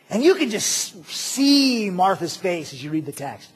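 A man preaching a sermon as pastor, animated and jokey, swinging between loud outbursts and quiet asides. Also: high voice, a little slow, hardly any pauses, husky.

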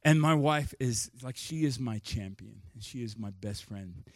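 A man's voice: medium pitch, lively intonation, normal speed, no echo, clean studio sound. A man preaching a sermon as a pastor, telling a personal story candidly with self-deprecating jokes.

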